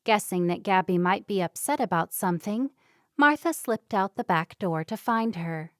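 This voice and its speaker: A woman's voice: mid-range voice, normal speed, no room sound, clean studio sound. Woman reading a romance audiobook. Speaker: audiobook narrator. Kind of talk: scripted narration.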